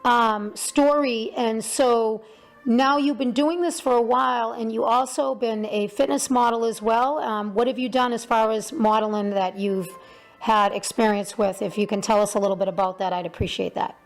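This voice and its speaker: Casting: talkative female talk show host, fairly high voice, lots of ums. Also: fairly even intonation, normal speed. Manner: chatty, many fillers and restarts. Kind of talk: casual interview chat.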